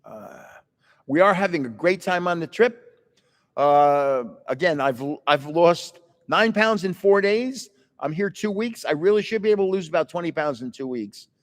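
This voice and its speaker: A man's voice: a little high, animated, moderate pace. Chatty older man in an echoing room. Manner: rambling, chatty storyteller. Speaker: livestream host. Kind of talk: casual livestream chat. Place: indoors, in a building with another floor.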